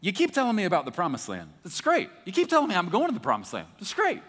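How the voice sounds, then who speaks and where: A man voicing an exasperated, emphatic man who pleads loudly with God and repeats himself. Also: sits high, quick pace, voice pushed up, heavily acted. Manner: loud, animated, repeats himself. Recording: echoey hall.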